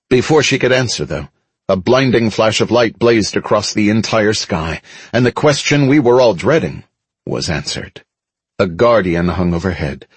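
Male audiobook narrator, low husky voice, steady first-person read with dramatic lifts, dry close mic. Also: dry recording.

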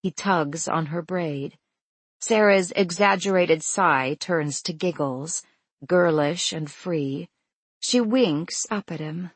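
Woman reading a story, slow and husky, lowish voice, dry close sound. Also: dry recording. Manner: gentle, unhurried storytelling. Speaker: narrator. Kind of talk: scripted story narration.

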